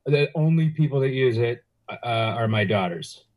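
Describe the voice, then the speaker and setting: A man's voice: mid-range voice, animated, moderate pace, darkish tone. A man joining a podcast as a guest, chatting casually with wry, self-deprecating humor. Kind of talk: casual interview chat. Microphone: video call.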